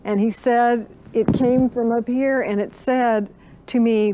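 A woman's voice: on the high side, steady tone, slow pace, mellow. An older woman, an interview guest, earnestly recounting a personal story and acting out the dialogue she remembers.

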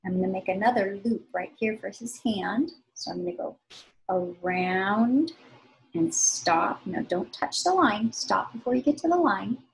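A woman teaching young children to draw, giving slow, patient, sing-song step-by-step instructions. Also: mid-range voice, expressive, vocal fry, rough recording. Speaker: art teacher.

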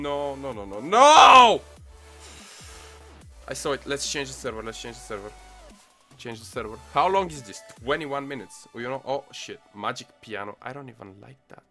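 Give me an excitable young man narrating his own gameplay, with a sharp bright voice and soft music in the background. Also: mid-range voice. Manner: excitable, swears often, mutters to himself. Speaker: gaming channel host. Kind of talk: casual mobile gameplay commentary. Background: faint music playlist.

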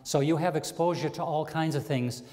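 A man's voice: a little high, normal speed, a little mellow. Joke-telling New man in a reverberant hall. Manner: storytelling with quoted character voices and chatty asides. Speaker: stand-up comedian. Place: community access TV stage, live audience.

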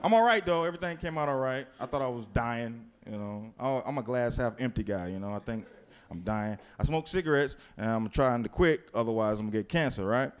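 A man's voice: mid-range voice, a little fast, smooth. A man doing live stand-up in a comedy club, telling crude, profane stories and working the crowd. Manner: profane, animated storytelling with crowd work.

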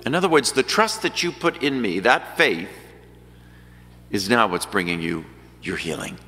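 Bright-voiced man preaching in a reverberant church. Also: fairly low pitch, lively intonation, normal speed. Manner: storytelling homily, acting out voices of crowds and Jesus. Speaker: pastor. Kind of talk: sermon. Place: large church.

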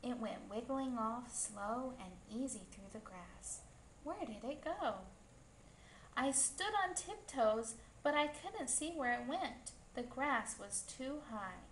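A woman reading a picture book aloud to children in a slow, gentle storytelling manner. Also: on the high side, expressive, slight background noise. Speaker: storybook reader. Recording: echoey room, faint ambience.

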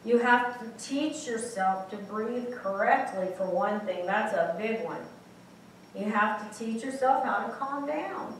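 A woman's voice: fairly high pitch, measured pace, slight background noise. A woman preaching a sermon in a small church, speaking candidly and personally, with many restarts. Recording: very echoey church room from far off.

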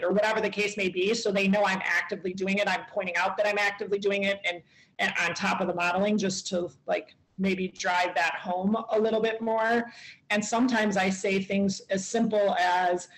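A woman sharing parenting stories on a community panel in a middle-pitched voice. She slips into the lines she says to her children, then returns to plain explanation. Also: fairly even intonation, normal speed, low-quality recording. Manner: storytelling, acts out what she says to her kids. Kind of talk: panel discussion.

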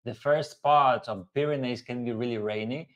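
A man's voice: medium pitch, moderate pace. A man hosting a casual live Q&A, talking earnestly and repeating key phrases for emphasis. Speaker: host.

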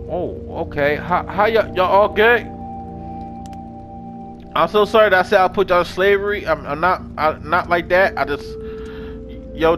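A gaming video host delivers excitable, casual let's-play commentary in a high voice. He swears freely and chats both to his viewers and to the characters in the game.

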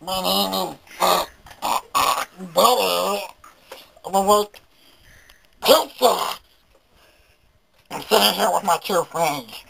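A man's voice: high voice, slow pace, gravelly, long pauses, a bit bright, slight background noise, heavily acted, rough recording. A man putting on the voice of a goofy, self-mocking young guy who rambles, stammers and giggles. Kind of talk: comic character monologue.

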